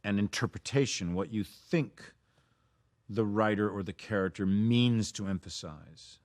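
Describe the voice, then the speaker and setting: A man leads an acting masterclass in a low voice. He speaks with intense conviction and swears for emphasis. His tone ranges from quiet explanation to forceful urging. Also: unhurried. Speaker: acting teacher. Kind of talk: masterclass teaching.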